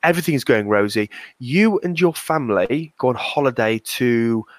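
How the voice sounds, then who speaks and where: A man hosting an interview, asking quick, probing questions in a conversational tone. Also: mid-range voice, lively intonation, no room sound. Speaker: interviewer host.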